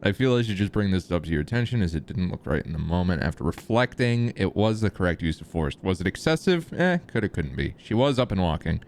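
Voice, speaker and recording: A man's voice: low-pitched, sing-song, quick pace, hardly any pauses, darkish tone, slight background noise. Guy streaming cop roleplay, laughs a lot, swears, voice bounces up and down. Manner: laughs often, swears, loose and joking. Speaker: streamer playing a police chief. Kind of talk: casual roleplay chat.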